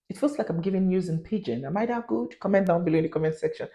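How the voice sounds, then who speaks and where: A woman's voice: on the low side, racing, hardly any pauses, dark tone. Earnest woman vlogger, roomy sound. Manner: earnest, warning, switches into pidgin. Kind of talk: advisory vlog to camera.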